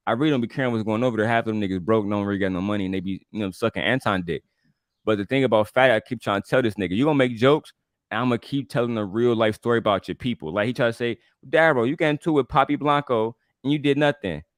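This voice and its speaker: A man's voice: on the low side, rapid-fire, no room sound, studio quality. A man, co-hosting a stream and ranting bluntly with profanity. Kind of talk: casual streamer chat.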